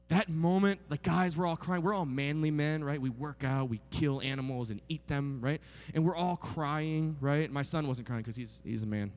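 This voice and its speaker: Male preacher, 40s, fairly high voice; sermon delivery, hushed lows building to near-shouts. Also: moderate pace, few pauses, long reverb tail, a little hiss or hum. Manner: animated storytelling, swings from hushed to near-shouting; keeps asking the crowd "right?". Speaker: pastor.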